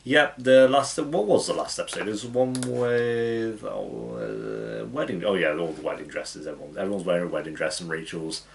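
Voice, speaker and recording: A man hosting a reaction video, chatting casually and laughing often, his voice dry and croaky from a cough. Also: deep voice, animated, normal speed, hardly any pauses, a little hiss or hum. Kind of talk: casual chat to camera.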